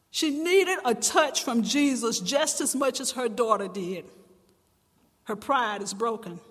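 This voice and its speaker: A woman preaching a sermon in church, impassioned and swelling into loud, emphatic cries. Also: fairly high pitch, in a large hall.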